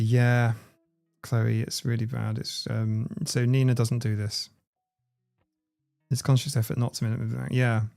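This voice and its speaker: A man's voice: mid-range voice, little pitch movement, unhurried, vocal fry, pauses often, dark tone, soft background music. A man hosting a casual livestream, rambling, swearing freely and reading the chat aloud. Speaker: livestream host.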